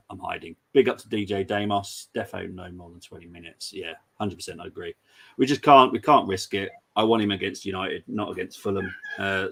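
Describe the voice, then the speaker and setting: A man's voice: lowish voice, a bit bright. A man hosting a casual football preview show, chatty and giggly, reading out viewer comments. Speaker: host.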